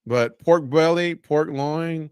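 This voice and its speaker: A man co-hosting a live fight watch-along, chatting casually and telling stories with lively acted-out quotes. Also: a little high, slow pace, clean tone, dry recording, clean studio sound. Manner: animated storyteller, acts out quotes. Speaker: co-host.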